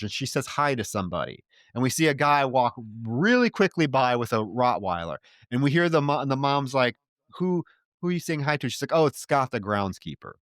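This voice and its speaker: A man co-hosting a film podcast, rushing through a plot recap and breaking into exasperated, profane asides. His voice sits at an ordinary middle pitch. The recording is dry and close, with no room sound. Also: smooth, dry recording. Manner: animated retelling, swearing, exasperated asides. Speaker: podcast co-host. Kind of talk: casual film discussion.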